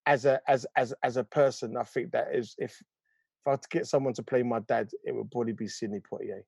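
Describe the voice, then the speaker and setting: A man's voice: mid-range voice, fairly even intonation, gravelly, darkish tone, slightly rough, no room sound. Thoughtful man with a dry sound. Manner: thoughtful, pausing with ums. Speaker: co-host. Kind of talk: casual chat.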